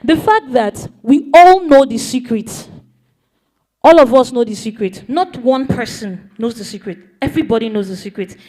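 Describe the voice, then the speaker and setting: A woman's voice: a little high, normal speed, mellow. A woman explaining a topic to a young audience in a playful way, often asking them questions. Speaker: speaker teaching young people. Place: event hall.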